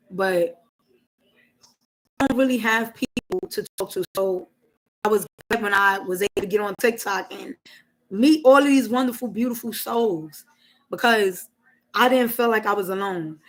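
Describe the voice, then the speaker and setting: A woman with a mid-range voice hosts a casual live stream, talking emotionally and candidly and swearing freely. The recording is rough.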